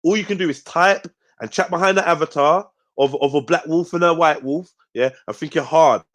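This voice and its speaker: A man's voice: fairly high pitch, fairly quick, fairly bright tone. Confrontational man hosting a heated debate. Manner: confrontational, swears a lot, keeps tagging "yeah?". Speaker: host. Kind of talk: heated live panel debate.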